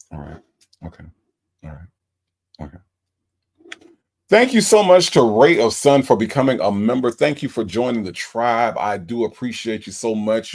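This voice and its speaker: This live streamer's voice is lowish and darkish, with vocal fry. As he goes through a recorded call, he reacts with exasperated disbelief and keeps asking his chat the same questions.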